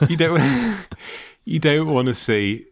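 A man's voice: fairly high pitch, animated, slow pace, slight background noise. A British man co-hosting a podcast in casual chat, playful and rambling with many restarts. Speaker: podcast host.

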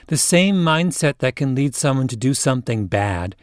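A male podcast host narrating a scripted story in a measured way, with interview clips in between. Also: medium pitch, animated, no room sound, clean studio sound.

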